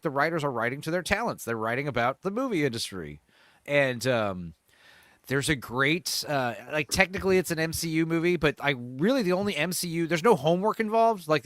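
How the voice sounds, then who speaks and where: A man hosting a casual chat show, talking about films in a rambling, animated way with lots of fillers and laughs. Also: fairly high pitch, no echo, studio quality. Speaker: host.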